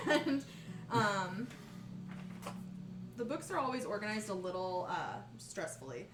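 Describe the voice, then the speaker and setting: A woman's voice: medium pitch, big pitch swings, slow, echoey room, recorded from a distance, over music. A woman narrating as game master on a video call, giggly and easily flustered.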